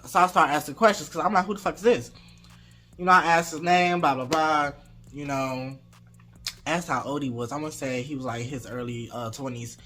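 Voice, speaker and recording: Mężczyzna opowiada anegdotę na vlogu, luźno, z dużą ilością slangu i przekleństw, z zapałem. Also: male voice, on the high side, a little fast, faint music behind. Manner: animated, laid-back slang and swearing. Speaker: storytime vlogger. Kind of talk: casual storytelling.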